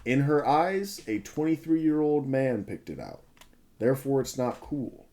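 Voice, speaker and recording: A man's voice: medium pitch, sing-song, a little slow, warm tone. A man in his twenties who has been up all night, chatting casually and a bit ramblingly over his gameplay, often correcting himself and swearing freely. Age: 20s. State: sleep-deprived, up all night. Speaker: gaming video creator.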